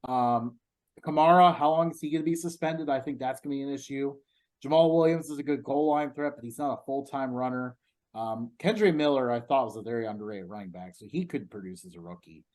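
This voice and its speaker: A young man co-hosting a sports talk show with a middle-pitched, everyday voice. He talks things through carefully, hedging often and pausing on ums as he weighs each point. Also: a little mellow, rough recording. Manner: thoughtful, hedging, many ums. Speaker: sports podcast co-host.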